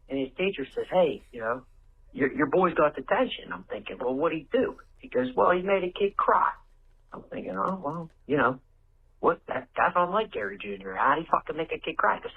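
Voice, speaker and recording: A man's voice: on the high side, breathy edge. A man leaving a profane, storytelling voicemail for a podcast, laughing at his own tale. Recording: tinny phone-line voicemail.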